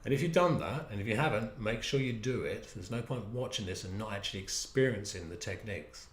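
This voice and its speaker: A man's voice: lowish voice, roomy sound. A man leading listeners through a stress management exercise, coaxing and drawing out words. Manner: animated, coaxing, drawn-out words. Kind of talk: guided exercise instruction.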